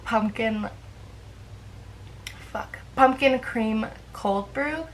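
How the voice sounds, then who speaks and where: A woman's voice: fairly high pitch, very slow, slight background noise, rough recording. A young woman chatting casually to camera in a rambling, self-deprecating way, with lots of fillers. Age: young adult. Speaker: vlogger.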